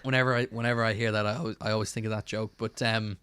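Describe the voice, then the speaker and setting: A man's voice: fairly low pitch, level tone, rapid-fire, a bit bright, clear, resonant tone. A man co-hosting a podcast in casual chat, laid-back and agreeable, with lots of fillers. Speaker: podcast co-host.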